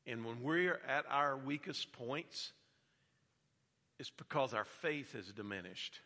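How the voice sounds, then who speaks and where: A man preaching a sermon as a pastor. He builds to loud, emphatic peaks, then drops back to quiet, earnest teaching. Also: mid-range voice, animated, slow, long reverb tail.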